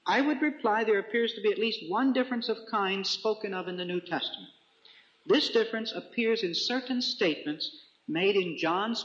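High-voiced preacher in an echoey room. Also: male voice, fairly bright tone. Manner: deliberate, reads scripture slowly with emphasis. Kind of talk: Bible teaching sermon. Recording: echoey room, dull lo-fi sound.

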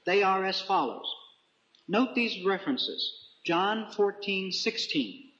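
A man preaching a Bible teaching sermon, reading scripture slowly and deliberately with careful emphasis. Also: high voice, animated, bright, forceful tone. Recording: echoey room, dull lo-fi sound.

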